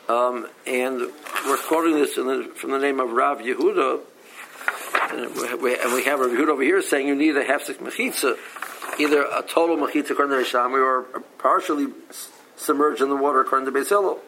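A man leads a casual Talmud class. His voice has a gravelly edge, and he reads each line before explaining it plainly, often stopping to restart a phrase. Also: medium pitch, steady tone, a little fast, sharp tone, slight background noise, rough recording. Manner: reads Aramaic text then explains in English, with frequent restarts. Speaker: Talmud teacher.

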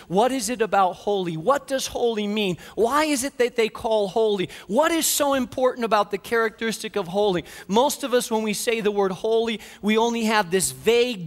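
A man preaching a dramatic sermon, swinging from soft passages to loud declarations. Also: sits high, long reverb tail. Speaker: pastor.

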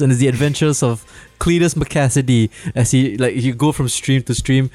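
A man's voice: medium pitch, steady tone, normal speed, few pauses, a little mellow. A man co-hosting a podcast in casual chat, rambling, swearing and laughing often. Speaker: podcast co-host.

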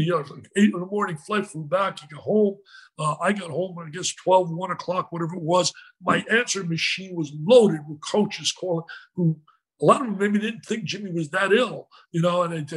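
A man telling a story as an interview guest, in an animated, emotional way. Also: sits high, moderate pace, husky, rough recording.

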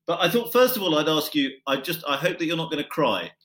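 A man's voice: on the high side, lively intonation, fast, a bit bright, low-quality recording. A British man hosting a podcast, chatting in a casual, teasing and wry way with his guest. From Britain. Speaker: podcast host.

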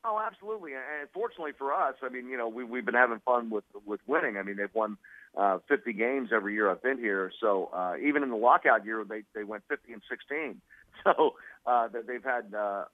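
A male sports broadcaster, a guest on a radio show, chatting quickly over the phone with many fillers and laughs. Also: medium pitch, no echo. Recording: tinny phone line.

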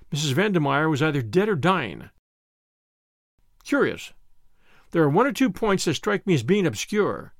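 A man voicing a grave older male lawyer who speaks in a measured, dry way with clipped questions. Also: fairly high pitch, no echo.

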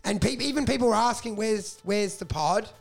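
A man's voice: high voice, normal speed, vocal fry, soft background music. An out-of-breath man, ranting and swearing through casual podcast banter as a comedian co-host. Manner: animated, sweary ranting storyteller.

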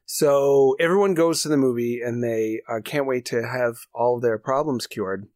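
A man's voice: medium pitch, a little slow, a little mellow, dry recording, clean studio sound. A man co-hosting a podcast, telling an improvised comedy story in a rambling, laughing way. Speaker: podcast co-host.

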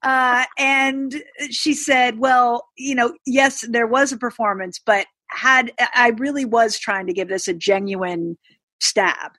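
A woman co-hosting a casual chat, talking in a meandering way with frequent pauses. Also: on the high side, steady tone, bright, forceful tone, dry recording. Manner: meandering, many fillers and restarts. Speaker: podcast co-host.

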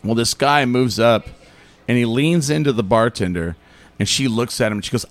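A man's voice: medium pitch, moderate pace. A man from Albuquerque, a podcast guest, telling stories in casual chat and acting out the quotes, with lots of fillers. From Albuquerque, New Mexico. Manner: animated storyteller acting out quotes, many fillers.

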